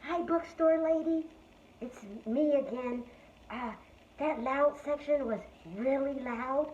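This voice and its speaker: High-voiced woman hosting a kids show, slow playful talking, sounds far from the mic, kinda muffled. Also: a little mellow, a little hiss or hum. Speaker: children's show host. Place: bookstore. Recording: roomy, distant, slightly dull recording.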